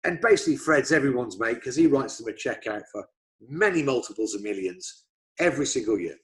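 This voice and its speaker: Animated English storyteller, lively pitch. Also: male voice, fairly quick, rough recording. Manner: animated storyteller, swears freely. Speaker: guest racing driver. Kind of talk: casual chat.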